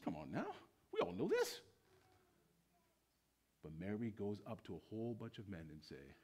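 A man preaching a sermon as pastor in a church, swinging between loud bursts and hushed lines. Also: lowish voice, wildly swooping pitch, moderate pace, long pauses, slightly rough.

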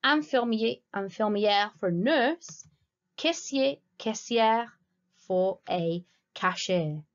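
A woman teaching a recorded school French lesson, explaining patiently and slowing down to say the French words clearly. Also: mid-range voice, lively intonation. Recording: slightly dull lo-fi recording.

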